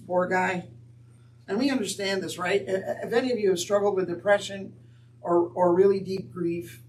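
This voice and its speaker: A man's voice: sits high, recorded from a distance, slight background noise, low-quality recording. A man teaching on scripture in an earnest, conversational way with wry asides. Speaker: Bible teacher. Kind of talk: Bible teaching talk.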